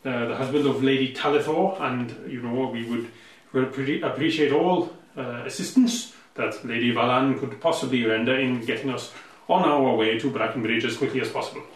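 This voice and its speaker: A man's voice: medium pitch, moderate pace, reverberant, distant mic, natural voice, low-quality recording. A man voicing a fussy, busybody male elf noble with a Welsh accent, stammering politely.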